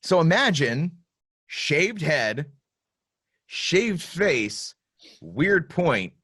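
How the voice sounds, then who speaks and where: Lively, profane man hosting a podcast. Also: fairly high pitch, very slow, breathy edge, no echo, clean studio sound. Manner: profane, animated storytelling. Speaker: podcast host. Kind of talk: casual chat.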